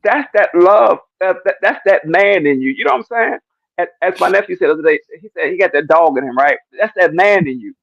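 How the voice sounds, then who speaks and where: A man's voice: high-pitched, expressive, fairly quick, vocal fry, no room sound, highs cut off. A man giving an emotional church testimony, stammering and repeating himself, close to tears. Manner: repetitive, stammering, keeps asking "you know what I'm saying". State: near tears. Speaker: speaker in a church discussion.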